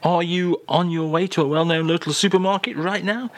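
Playful radio presenter. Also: male voice, sits high, brisk, few pauses. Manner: playful, mock-grand, lively patter.

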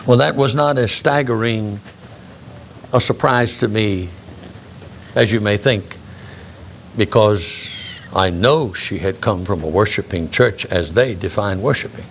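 An older man preaching a sermon in a church, emphatic, swinging between raised exclamations and quiet asides. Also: fairly low pitch, unhurried, a little hiss or hum.

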